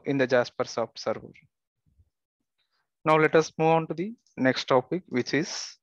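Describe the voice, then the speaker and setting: A man teaching a software tutorial, giving steady step-by-step instructions with the odd filler and restart. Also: mid-range voice, dry recording, muffled recording. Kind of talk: screen-recorded software tutorial.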